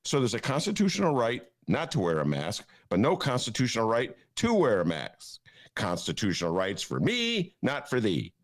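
Sarcastic, animated male podcast host. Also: mid-range voice, moderate pace. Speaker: podcast host and newspaper columnist. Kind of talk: political commentary podcast. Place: home attic.

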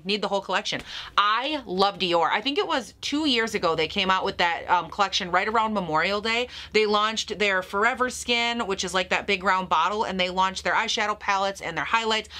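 A woman's voice: medium pitch, sharp tone. A young woman reviewing makeup in a casual vlog, gushing and sassy, calling her viewers "honey". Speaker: beauty YouTuber. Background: lawnmower noise outside.

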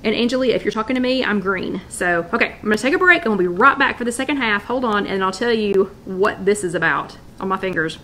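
A woman's voice: mid-range voice, animated, fast talker, hardly any pauses, sharp tone, a little hiss or hum. A woman hosting a casual live-stream wellness chat, talking in a chatty, rambling way and greeting viewers by name. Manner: chatty, repeats and restarts, addresses viewers by name. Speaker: wellness workshop host.

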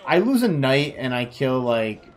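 Unhurried and sing-song in a mid-range voice, a yawning, worn-out young gaming creator watches back his own game and groans at the mistakes he made, being hard on himself.

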